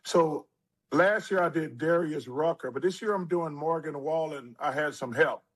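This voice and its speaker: An older man in his sixties telling stories as a guest in an interview. His voice sits slightly higher than most men's. He tells them with animated delivery and acts out other people's lines. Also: normal speed, low-quality recording. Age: 60s. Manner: animated storyteller who acts out quotes. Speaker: interview guest, former basketball player. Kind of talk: storytelling interview.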